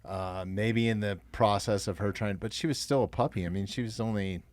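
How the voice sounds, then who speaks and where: A man's voice: lowish voice, a little fast, a little mellow. A man hosting a podcast in casual chat, loose and frank, swearing casually.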